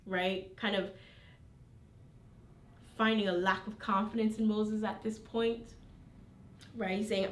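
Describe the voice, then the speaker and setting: A woman's voice: mid-range voice, flat delivery, measured pace. A woman leading an informal Bible study in a conversational way, reading verses aloud and checking in with her listeners. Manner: conversational, frequent tag questions, reads scripture aloud. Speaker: Bible teacher. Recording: roomy, distant mic.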